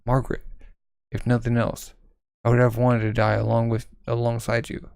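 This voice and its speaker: A man plays a young knight in despair who calls out urgently. The gravelly voice stays near his plain reading. The sound is close and dry. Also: mid-range voice, monotone, moderate pace, darkish tone, no room sound, lightly acted.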